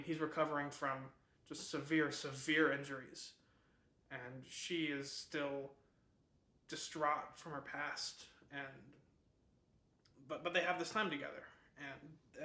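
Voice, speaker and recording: A man's voice: a little high, sharp tone, roomy sound. A man hosting a book club, giving a casual, rambling summary of a novel with many fillers and restarts.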